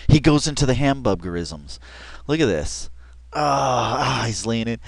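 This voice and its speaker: Animated, rambling man in casual commentary. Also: medium pitch, a little slow, gravelly, no room sound. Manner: rambling, chatty, many fillers and restarts; laughs often while talking. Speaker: video commentator.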